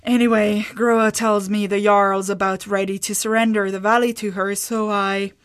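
A practical farm woman with little patience, speaking briskly and matter-of-factly, voiced by a woman narrator. Her tone stays plain and direct in a storybook reading. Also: medium pitch, level tone, lightly acted.

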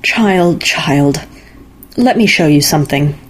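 Woman doing a husky, scolding stern mother. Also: low voice, lively intonation, slow, heavily acted. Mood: tender. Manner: scolding, commanding.

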